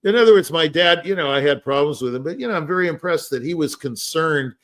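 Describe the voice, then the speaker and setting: A man's voice: a little high, lively intonation, quick pace, fairly bright tone. An older man in casual discussion, telling rambling stories with many fillers and restarts. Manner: rambling, anecdotal, many fillers like "you know". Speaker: podcast host.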